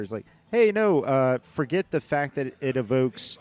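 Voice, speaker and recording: A man's voice: medium pitch, very animated, a little slow, darkish tone. A man co-hosting a podcast in casual chat, rambling with frequent restarts and dry jokes. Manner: joking, sarcastic. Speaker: podcast co-host.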